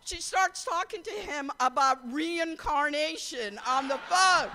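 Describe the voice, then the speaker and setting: Bright, high-voiced woman telling a story. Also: measured pace, hardly any pauses, a little hiss or hum. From India. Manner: animated, laughing anecdote with acted-out quotes. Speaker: speaker at a political caucus event. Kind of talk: storytelling speech to an audience.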